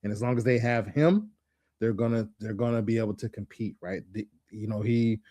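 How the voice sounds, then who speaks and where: A man co-hosting a casual sports talk show, giving his opinions in halting, restart-filled speech. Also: on the low side, warm tone, no echo. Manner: halting, many restarts and "you know"s. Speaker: podcast co-host.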